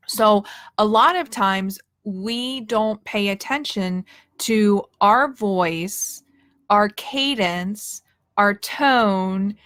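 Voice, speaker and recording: A woman's voice: a little high, sharp tone, no echo, studio quality. A woman leadership coach giving a casual, friendly talk about speaking skills, directly addressing her viewers. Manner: friendly, direct, conversational with small restarts.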